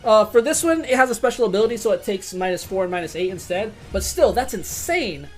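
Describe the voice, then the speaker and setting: A woman narrating a tabletop game as game master, excitable and quick to swear. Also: mid-range voice, soft background music. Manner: excitable, swears often, bursts of loud reactions.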